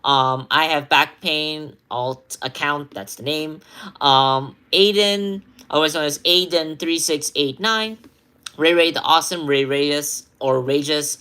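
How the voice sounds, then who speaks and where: A woman reading a long list of follower names for a shoutout, halting with many ums and apologizing when she stumbles over names, then chatting casually to her followers. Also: deep voice, clear, resonant tone. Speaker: social media creator.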